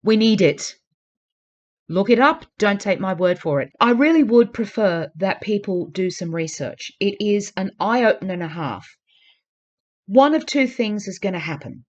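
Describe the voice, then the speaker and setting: Woman vlogger, mid-pitched, talks to camera in an earnest, pleading, emphatic way. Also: expressive, measured pace, a little mellow, lo-fi sound. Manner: earnest, urging, repeats pleas for emphasis. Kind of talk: casual talk to camera.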